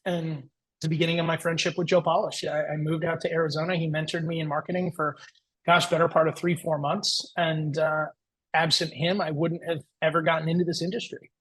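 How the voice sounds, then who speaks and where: A man in his forties, a podcast guest, telling his career story in a lively, anecdotal way and acting out the voices he quotes. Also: fairly high pitch, fairly quick, slightly rough, poor audio. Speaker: guest entrepreneur.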